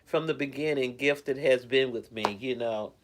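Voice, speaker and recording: A man chats with his viewers on a live stream from home, talking in a loose, rambling way. He greets people by name and sounds caring toward them. His voice sits at an ordinary middle pitch. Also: moderate pace, slight background noise. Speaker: live streamer reading chat. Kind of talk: casual live-stream chat.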